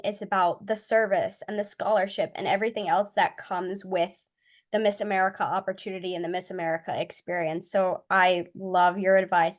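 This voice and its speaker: A teenage girl from Connecticut hosting a casual podcast interview, talking in a gushing, effusive and upbeat way. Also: mid-range voice. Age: teens. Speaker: podcast host.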